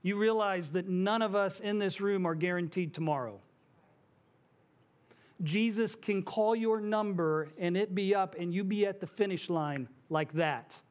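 Guy with a pretty high voice preaching in church, chatty asides, little jokes. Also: unhurried. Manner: conversational preaching with asides and self-deprecating jokes. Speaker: pastor. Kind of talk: sermon. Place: church sanctuary.

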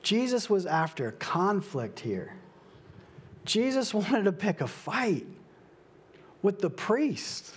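A young adult man preaching a sermon, slow and emphatic, with dramatic pauses. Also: high voice, very animated, slightly rough. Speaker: pastor.

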